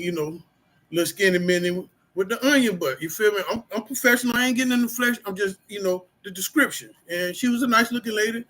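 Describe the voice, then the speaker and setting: A middle-aged man with a husky, slightly raspy voice pitched a bit high for a man. He talks casually and openly to his viewers, rambling with plenty of fillers and street slang. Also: bright, forceful tone, low-quality recording. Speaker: vlogger sharing personal recovery. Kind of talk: casual personal talk to camera.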